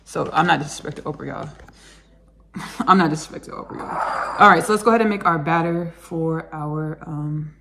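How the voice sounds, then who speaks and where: Chatty woman with a gravelly voice in an echoey kitchen. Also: deep voice, steady tone, moderate pace, far from the mic, background noise. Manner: chatty and rambling, often says "y'all" to viewers. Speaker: home cooking show host. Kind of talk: casual cooking demonstration. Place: home kitchen. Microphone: camera set up on the counter. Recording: echoey kitchen, faint clicks.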